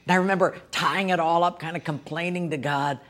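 A man's voice: on the high side, fairly even intonation, brisk, a bit bright. A middle-aged male pastor preaching a sermon, telling a personal story with folksy, self-deprecating humor.

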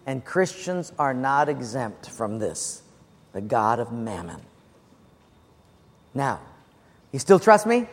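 A male pastor preaching a sermon with audience participation, playful and coaxing, with dramatic slowdowns. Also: on the high side. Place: church sanctuary. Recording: long church reverb.

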